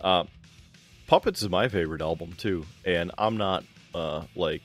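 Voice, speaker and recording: A man's voice: sits low, normal speed, soft background music. A middle-aged radio DJ and weatherman, a man, guesting on a podcast in a playful, jokey way. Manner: playful, jokey, breaks into mock voices. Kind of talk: casual podcast chat.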